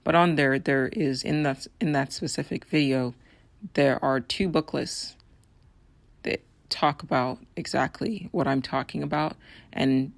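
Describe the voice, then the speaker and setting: A woman hosting a solo podcast, talking in an earnest, persuasive way with a raspy, hoarse voice. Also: very deep voice, a little slow, dry recording. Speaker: podcast host.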